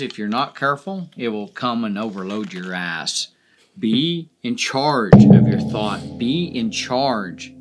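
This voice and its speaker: Male podcast host, folksy and plain-spoken, mid-pitched, repeats key lines, casual cursing. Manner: folksy, blunt, swears casually, repeats phrases for emphasis. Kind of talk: motivational podcast talk.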